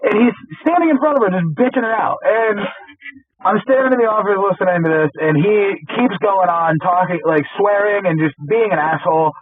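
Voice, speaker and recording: A man's voice: sits high, fairly quick, slight background noise. A man co-hosting a podcast, telling a heated, profane work story, stammering and restarting as he goes. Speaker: podcast co-host. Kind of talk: casual storytelling chat. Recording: tinny lo-fi phone-like sound.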